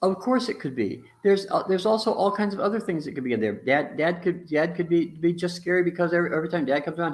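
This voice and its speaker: A man's voice: fairly high pitch, fast talker, hardly any pauses. A man in a casual discussion, explaining ideas bluntly with restarts, mild swearing and acted-out quotes. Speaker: relationship teacher in a conversation.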